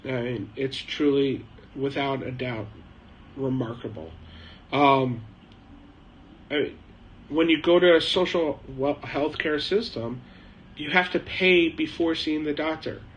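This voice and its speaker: Middle-aged male streamer, casual anecdotal chat, slightly higher voice, light background noise. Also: slow pace, pauses often, fairly bright tone, lo-fi sound. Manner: rambling, anecdotal, frequent uh and um fillers. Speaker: host of a live chat stream. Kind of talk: casual storytelling monologue. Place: home shed, living in China.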